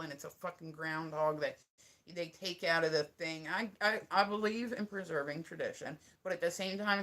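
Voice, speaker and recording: A woman's voice: sits low, a bit bright. A woman in her thirties rambling casually on a livestream, swearing often and filling her talk with "like". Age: 30s. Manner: rambling, profane, filler-heavy talk.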